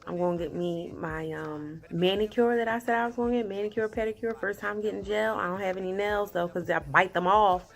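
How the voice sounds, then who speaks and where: A woman vlogging casually about her day, chatty and animated, often laughing and quoting herself. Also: mid-range voice, fairly quick, creaky, hardly any pauses. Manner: chatty, animated, talks to herself in quoted asides; laughs often while talking. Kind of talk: casual personal video diary.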